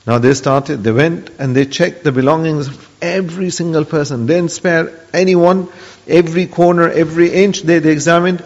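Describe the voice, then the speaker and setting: A man's voice: fairly high pitch, steady tone, moderate pace, darkish tone. A man giving a religious lesson, telling an old story in an earnest way. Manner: earnest, story-driven, peppered with pious honorifics. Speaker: Islamic religious teacher. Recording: dull lo-fi audio with long hall reverb.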